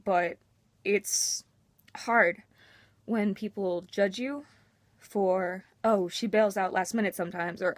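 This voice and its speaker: A woman's voice: mid-range voice, steady tone, slow, dry recording. Candid young woman vlogging, dry sound. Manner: candid, emotional, self-mocking. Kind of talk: personal talk to camera.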